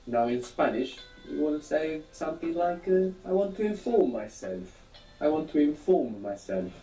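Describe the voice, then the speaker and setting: A man leads a recorded language lesson, patiently posing prompts and confirming each answer. His voice is mellow and dark. He sits back from the mic in a roomy, echoing space. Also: on the high side, sing-song, normal speed, soft background music. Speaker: language teacher on a recorded audio course. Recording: echoey, distant from the mic.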